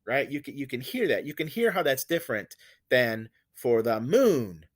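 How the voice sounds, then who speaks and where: A man teaching poetic meter, explaining step by step with fillers and self-corrections, and reading verse lines slowly with heavy stress on the beats. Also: medium pitch, sing-song, a bit bright. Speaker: poetry teacher. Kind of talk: classroom lecture on poetic meter.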